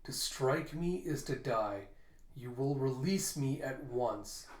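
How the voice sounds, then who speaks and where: A man's voice: mid-range voice, expressive, takes it slowly. A man reading as a stern female commander. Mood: commanding. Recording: roomy echo.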